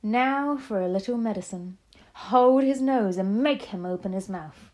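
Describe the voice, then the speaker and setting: A woman's voice: medium pitch, unhurried, a little mellow, close to an everyday voice. A woman voicing a bossy, cruel female witch leader who screeches orders in a storybook reading. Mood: gloating.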